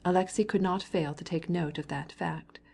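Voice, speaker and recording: A woman reads a classic novel aloud in a measured, even way. Her voice sits low and sounds mellow and relaxed. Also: creaky, breathy edge. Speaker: audiobook narrator. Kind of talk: scripted narration of a classic novel.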